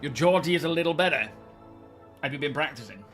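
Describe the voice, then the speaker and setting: A man's voice: a little high, expressive, quick pace, a bit bright, soft background music. Chatty man streaming. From England. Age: 30s. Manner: chatty, greets viewers by name, friendly banter. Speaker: game streamer reading live chat. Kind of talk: casual live-stream chat.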